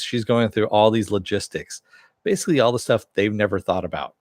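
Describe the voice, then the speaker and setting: A man recapping a TV episode in a relaxed way, chuckling often and using many fillers. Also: lowish voice, fairly quick, dry recording, clean studio sound. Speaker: TV episode reviewer.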